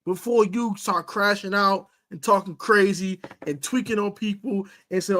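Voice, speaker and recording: A woman hosting a sports podcast, delivering an exasperated, scolding live-streamed rant full of slang, swinging between loud outbursts and low muttering. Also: fairly even intonation, moderate pace, hardly any pauses.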